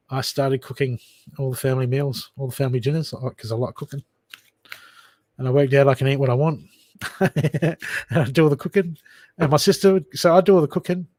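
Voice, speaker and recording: A man's voice: mid-range voice, darkish tone, no room sound. A man giving tarot readings on a casual livestream, chatty and familiar, calling viewers darling and mate. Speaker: live tarot card reader.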